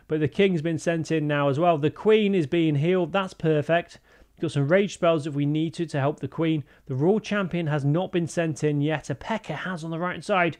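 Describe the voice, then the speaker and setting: A fairly high-voiced man talks through a strategy game attack in a relaxed, chatty way. He drifts into deadpan silly tangents and then comes back to the play-by-play. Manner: chatty, jokey, rambling asides. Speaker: gaming YouTuber. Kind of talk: casual gameplay commentary.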